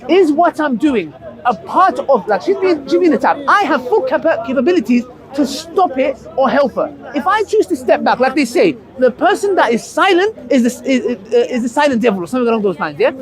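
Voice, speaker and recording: A man's voice: very high voice, sing-song, a little fast, low-quality recording. A man in a heated street debate, talking passionately and circling back to his point with many restarts. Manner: passionate, repetitive, restarts often. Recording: crowd noise outdoors.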